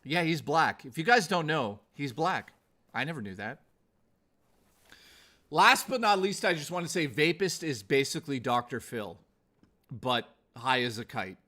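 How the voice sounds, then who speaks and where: A man's voice: a little high, lively intonation, measured pace, sharp tone. Male streamer host, strained voice, earnest pep talk with swearing, close desk mic. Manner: earnest, motivational, swearing freely. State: losing his voice. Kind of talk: live stream chat with viewers.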